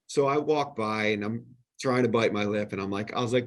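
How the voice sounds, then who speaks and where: A man in casual podcast chat, telling animated stories and acting out the exchanges he quotes. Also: on the low side, fairly quick. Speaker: podcast guest.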